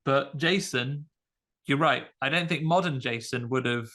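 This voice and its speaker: A man's voice: medium pitch, unhurried, pushed and bright. A man hosting a podcast, chatting wryly in a loose, filler-heavy way. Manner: chatty, wry, many fillers. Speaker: podcast host. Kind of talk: casual chat.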